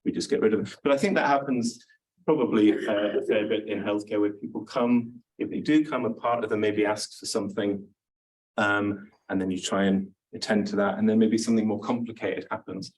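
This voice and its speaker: A man's voice: on the low side, steady tone, a little fast, darkish tone, far from the mic, rough recording. A man giving an academic talk to an audience, informal and self-deprecating, with frequent fillers and restarts. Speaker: lecturer.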